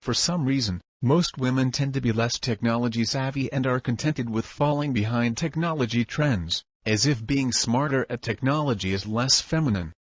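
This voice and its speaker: A man reading a self-help audiobook in an even, instructive narration style. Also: medium pitch, normal speed, hardly any pauses, no room sound.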